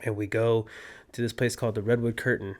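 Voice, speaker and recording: Young man telling a lively story. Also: fairly low pitch, brisk. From California. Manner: animated, laughing storyteller who acts out his own quotes. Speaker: podcast guest, disc golfer. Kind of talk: casual storytelling.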